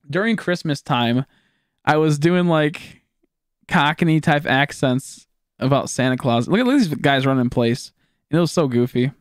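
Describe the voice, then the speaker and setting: A man's voice: on the high side, no room sound, clean studio sound. Rambling young Texan man streaming games. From Texas. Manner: rambling, swearing, jokey, chatting with viewers while playing. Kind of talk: casual live-stream gaming chat.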